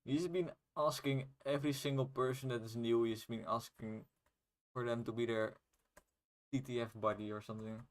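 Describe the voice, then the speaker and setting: A man's voice: mid-range voice, steady tone, moderate pace. A young man, not a native English speaker, rambling casually and swearing now and then while he playtests his own game on stream. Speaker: indie game developer streaming.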